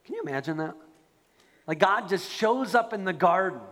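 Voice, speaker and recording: A man preaching a sermon as a pastor, animated and acting out quoted prayers. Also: high voice, moderate pace, in a large hall.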